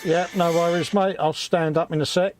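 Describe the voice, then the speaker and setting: A man's voice: on the high side, steady tone, normal speed, faint music behind. A man co-hosting a live stream, chatting casually in short, laid-back replies. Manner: laid-back, brief replies, often adds "mate". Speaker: co-host of a live hobby stream. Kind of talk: casual chat.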